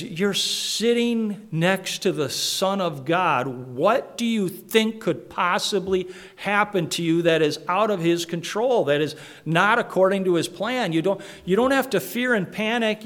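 A man's voice: high voice, measured pace, a bit bright. A man preaching a conversational sermon, with frequent restarts and asides to the congregation. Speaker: pastor.

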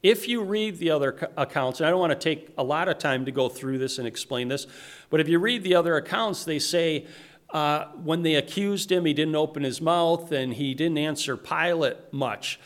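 A man's voice: a little high, normal speed. A man teaching through a Bible passage verse by verse, explaining it in plain everyday paraphrase and often restarting his sentences. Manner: frequent restarts and repeated words.

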